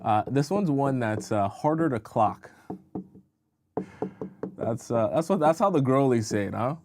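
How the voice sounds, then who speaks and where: A man's voice: mid-range voice, expressive, a little slow, background noise. A man coaching women on dating in a casual live stream, speaking frankly, reading viewer comments aloud and peppering his talk with "uh" and "right?". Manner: chatty, reads and answers viewer comments aloud; frank, repeats phrases and fills with "uh" and "right?".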